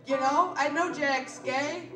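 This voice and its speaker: A man's voice: very high-pitched, fairly even intonation, pushed and bright, full character voice. A man doing a rambling frail old president. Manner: halting, rambling, trailing off. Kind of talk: comedy sketch impression. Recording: echoey room, far from mic, music behind.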